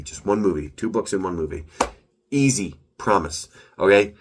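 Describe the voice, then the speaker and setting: Slightly nasal man with a very low voice. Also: lively intonation, normal speed, noisy background. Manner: rambling, upbeat, self-correcting. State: recovering from a cold and allergies. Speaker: author giving a weekly update. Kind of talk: casual solo update.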